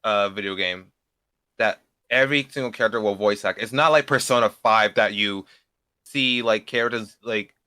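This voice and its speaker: Bright, clear-voiced teenage guy. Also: on the low side, no echo. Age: late teens. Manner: halting, repeats and restarts words. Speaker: guest, beginner voice actor. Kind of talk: casual interview talk.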